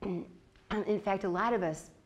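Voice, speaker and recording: A woman's voice: medium pitch, fairly even intonation, takes it slowly. A woman teaching a Bible study in a chatty, confiding way, full of asides.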